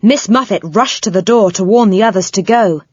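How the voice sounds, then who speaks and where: A woman narrating a children's audiobook with expressive, animated storytelling. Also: medium pitch, moderate pace, husky, no room sound, highs cut off.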